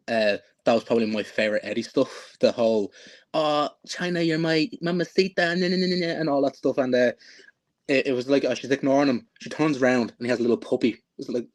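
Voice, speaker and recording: A young man in his twenties chats as a guest on a podcast. His voice is mid-pitched and relaxed, and he speaks haltingly, often stopping to restart his sentences. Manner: halting, many restarts, laid-back. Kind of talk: casual chat.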